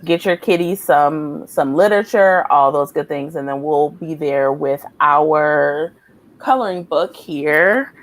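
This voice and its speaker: A woman's voice: deep voice, takes it slowly. A woman guest promoting her children's book in an upbeat, casual way. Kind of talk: casual interview chat.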